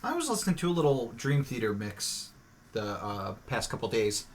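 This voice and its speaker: A man's voice: medium pitch, very animated, moderate pace, a little hiss or hum. A man, producer and regular on a podcast, talking in a laid-back, hesitant way with many fillers. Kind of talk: casual chat.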